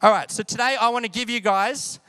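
A man with a notably high voice preaches a sermon, talking casually and often asking his listeners questions. The sound is dry and close, with no room around it. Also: steady tone, a little fast, bright, forceful tone, no room sound. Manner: conversational, asks the audience questions. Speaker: pastor.

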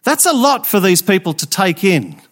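A man's voice: sits high, very animated, moderate pace, fairly bright tone, husky. A man preaching an Easter Sunday sermon, emphatic and fond of rhetorical questions.

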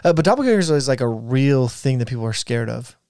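A man's voice: mid-range voice, fast, clean tone, no echo, studio quality. A man co-hosting a podcast, chatting casually and chiming in with short reactions. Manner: relaxed, chimes in with short reactions. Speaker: podcast co-host. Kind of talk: casual chat.

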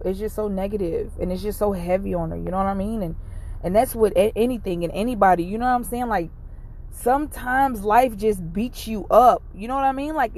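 A woman's voice: mid-range voice, darkish tone. A woman hosting her own podcast, telling a casual, encouraging story to her listeners from her parked car. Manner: chatty, encouraging, addresses listeners directly. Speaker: podcast host. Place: parked car, rain outside.

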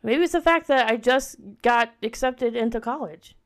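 A woman's voice: on the high side, moderate pace. A woman in her thirties chatting casually on her own podcast, rambling and restarting, with lots of filler words. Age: 30s. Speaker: podcast host. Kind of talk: casual solo podcast chat.

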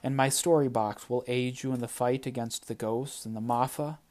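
A man reading an audiobook, voicing a proud, weary male sky god who speaks in a measured, accusing way. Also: mid-range voice, steady tone, a little mellow, close to an everyday voice. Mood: skeptical.

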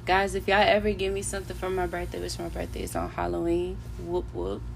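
A woman's voice: on the low side, level tone, fast talker, gravelly, noisy background. A woman co-hosting a casual podcast chat, loose and playful, swearing freely and stringing fillers together. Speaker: podcast co-host.

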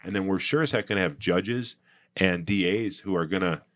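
A man's voice: deep voice, normal speed, fairly bright tone, dry recording, clean studio sound. A middle-aged man talking earnestly as a podcast guest, rambling with fillers and restarts. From United States. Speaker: political candidate and guest. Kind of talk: casual podcast conversation.

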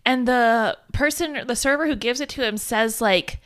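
A woman's voice: fairly high pitch, normal speed, fairly bright tone. A woman co-hosting a podcast, summarizing a film plot in casual chat with wry asides. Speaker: podcast co-host.

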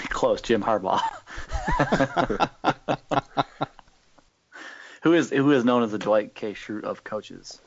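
A man co-hosting a podcast, casually telling animated stories and mimicking people. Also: medium pitch, extremely slow, creaky, pauses often. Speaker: podcast co-host. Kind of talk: casual chat. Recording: dull lo-fi audio.

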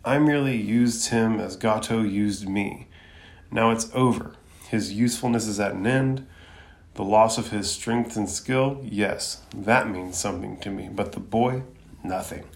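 A man voicing a cold, ruthless adult male ninja from an anime, reading his lines flatly. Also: fairly low pitch, a little slow, gravelly. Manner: cold and flat.

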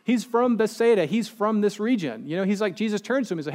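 Male pastor, slightly higher-pitched voice, relaxed joking sermon delivery. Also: fast. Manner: chatty, joking, acts out quoted people. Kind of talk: conversational sermon.

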